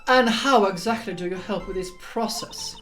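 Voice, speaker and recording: Stern male prosecutor, read by a woman in her own voice; formal, measured, probing. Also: mid-range voice, a bit bright, faint music behind, lightly acted. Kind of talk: dramatic reading of game dialogue.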